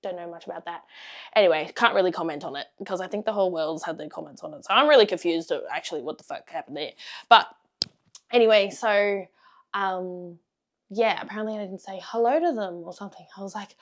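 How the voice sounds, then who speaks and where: A young woman vlogging a casual storytime, blunt and sweary, laughing often and swinging from loud to hushed. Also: fairly low pitch, quick pace.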